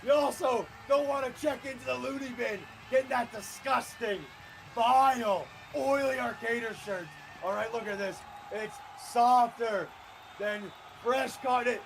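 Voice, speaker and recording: A man playing a brash, boastful male showman who shouts hype and trash talk while hawking merchandise. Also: extremely high pitch, unhurried, creaky, a little hiss or hum, full character voice, rough recording. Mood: sneering. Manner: loud hype-promo bragging, trash talk. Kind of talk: wrestling-style merch promo.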